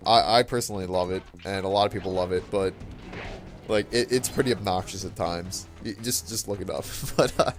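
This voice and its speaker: A man's voice: sits low, a little fast, over music. A teenage boy ranting casually over gameplay, rambling with lots of fillers and restarts in a puzzled tone. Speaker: gaming channel host.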